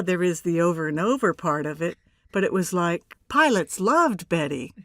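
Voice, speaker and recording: An older woman, a voice actor, telling stories in an interview in a measured, deliberate way with emphatic pauses. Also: on the low side, animated, no echo. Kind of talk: relaxed interview storytelling.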